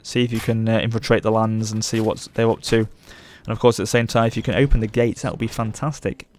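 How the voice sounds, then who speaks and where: A young man commenting on his strategy game as a let's play host, gushing with excitement. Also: fairly low pitch, brisk. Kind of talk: gameplay commentary.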